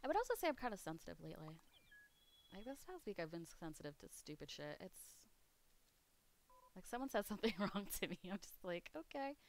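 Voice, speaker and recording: A woman's voice: on the low side, big pitch swings, fairly quick, long pauses. A woman streamer chatting casually while gaming, rambling and candid, laughing often and swearing offhandedly.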